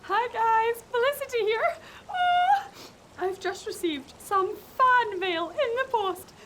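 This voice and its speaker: A bubbly young presenter who gushes and giggles through every sentence. Her voice sits very high and swoops all over the place. She takes her time, drawing out each exclamation. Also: expressive, slow pace, background noise, exaggerated voice. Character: bubbly, endlessly cheerful young woman presenter. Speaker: sketch character. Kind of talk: comic TV sketch acting.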